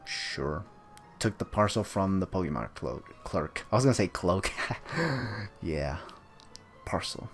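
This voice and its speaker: Low-voiced man rambling over gameplay. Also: animated, takes it slowly, soft background music. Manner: offhand, rambling, joking asides. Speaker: gameplay commentator. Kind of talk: casual let's-play commentary.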